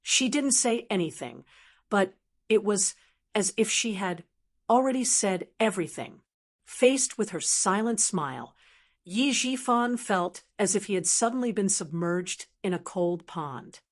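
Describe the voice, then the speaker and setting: A woman's voice: medium pitch, lively intonation, a little slow. Woman narrating a web-novel audiobook. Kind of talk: scripted narration.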